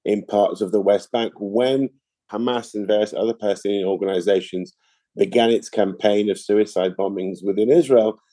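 A middle-aged man with a very dark, mellow voice answers interview questions at length. He is measured and explanatory, and often restarts a phrase. The sound is dry and close, with no room around it. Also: lowish voice, fairly even intonation, no echo. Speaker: interview guest, political analyst.

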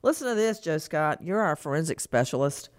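Animated, sarcastic woman true-crime host. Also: low-pitched, brisk. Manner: animated, sarcastic, laughs often. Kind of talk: true crime talk show.

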